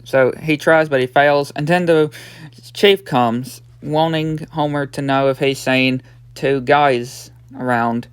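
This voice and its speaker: A man's voice: mid-range voice, fairly even intonation, takes it slowly, smooth, dry recording. A nineteen-year-old man casually recapping a cartoon episode, rambling along with lots of "yeah" and "and" fillers. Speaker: episode reviewer.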